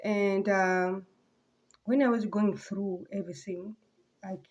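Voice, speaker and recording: Brief: woman vlogger, mellow soft voice, halting and rambling, slips to near whispers. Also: medium pitch, steady tone. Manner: halting, rambling, many fillers and restarts. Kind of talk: casual personal vlog monologue.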